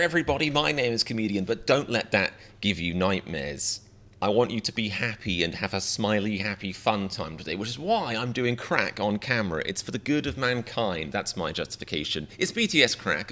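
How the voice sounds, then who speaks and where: Man, live reaction streamer, bright voice, lively swooping pitch, rambling jokey talk. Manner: jokey, rambling, self-mocking.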